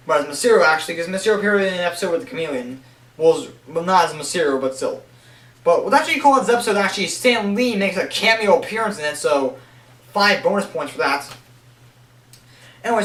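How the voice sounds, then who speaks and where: High-voiced young man in an echoey room. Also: a bit bright. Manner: rambling, many restarts and fillers. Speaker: show reviewer. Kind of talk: casual countdown commentary. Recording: echoey room, voice a bit far from the mic.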